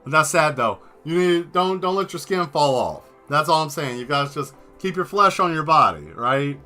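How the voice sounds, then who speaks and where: A man's voice: a little high, lively intonation, moderate pace, bright, forceful tone, soft background music. A man hosting a casual livestream while he draws, joking and rambling straight to his viewers. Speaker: livestream host painting and answering chat.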